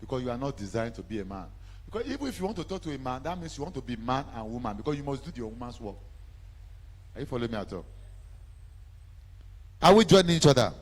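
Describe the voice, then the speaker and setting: A man's voice: medium pitch, big pitch swings, quick pace, pauses often. A man preaching a sermon, drawing the congregation into call-and-response.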